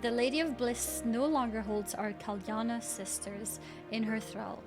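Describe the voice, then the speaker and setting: A woman reading a dignified leader of a sisterhood, formal and slow. The fairly high voice stays measured, with game music clearly underneath. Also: fairly even intonation.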